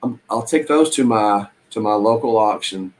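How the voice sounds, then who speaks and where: A man's voice: fairly low pitch, normal speed, rough recording. A man chatting casually on a live stream about reselling, rambling in a folksy way with lots of ums and restarts. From Southern United States.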